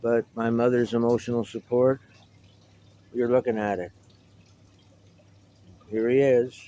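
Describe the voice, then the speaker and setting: A man's voice: mid-range voice, little pitch movement, a little slow, dark tone, poor audio. Rambling middle-aged man, wry vlog. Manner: meandering, reminiscing, wry asides. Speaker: vlogger. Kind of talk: casual rambling monologue to camera.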